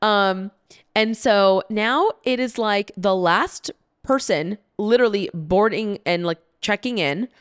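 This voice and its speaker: A woman's voice: medium pitch, slow, clear, resonant tone, dry recording, clean studio sound. A young adult woman hosting a podcast, telling a travel story in a chatty way, with lots of "like" fillers, frequent laughs and some swearing. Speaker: podcast host. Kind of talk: casual storytelling monologue.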